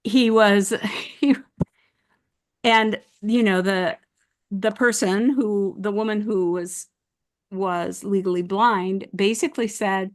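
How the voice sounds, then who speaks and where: Slow-spoken older woman on a video call. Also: medium pitch, fairly even intonation. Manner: slow, deliberate storytelling with many restarts. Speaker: host. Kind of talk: casual chat, telling a story.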